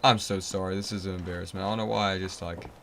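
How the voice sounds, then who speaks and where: A man's voice: low-pitched, steady tone, fast talker, vocal fry, a bit bright, a little hiss or hum. A young man streaming a video game, rambling and easily exasperated, sleepy and yawning as he complains. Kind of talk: casual live-stream commentary.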